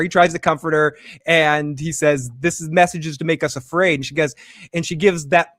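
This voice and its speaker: Guy recapping a tv episode, kinda high voice, dry close mic, does the characters' lines. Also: a little fast, no echo. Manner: animated, acts out characters' lines while recapping. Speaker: podcast host. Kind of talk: casual TV recap chat.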